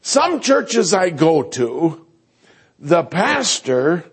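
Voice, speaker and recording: A man preaching a sermon as a visiting preacher, folksy and animated, joking and mimicking other people's voices. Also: fairly high pitch, extremely slow, slightly rough. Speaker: guest preacher.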